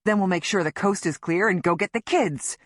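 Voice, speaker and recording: A woman's voice: on the low side, a little fast, no room sound, studio quality, close to an everyday voice. A woman voicing a desperate, volatile armed man in an audiobook, pleading at first and then bellowing and hissing threats. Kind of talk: audiobook narration.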